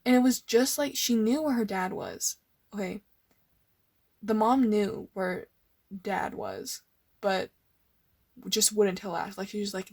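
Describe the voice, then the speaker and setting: A woman's voice: medium pitch, unhurried, gravelly, pauses often, a little mellow, dry recording. Rambling young woman, dry close sound. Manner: nervous rambling, lots of fillers. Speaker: artist showing old sketchbooks. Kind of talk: casual rambling chat.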